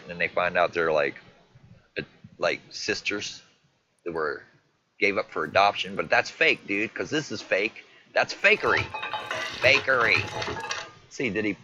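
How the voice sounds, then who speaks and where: A man's voice: lowish voice, moderate pace, pauses often, bright, forceful tone. A man livestreaming, animatedly reacting to and retelling video clips, swearing casually. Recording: dull lo-fi stream audio with faint noise.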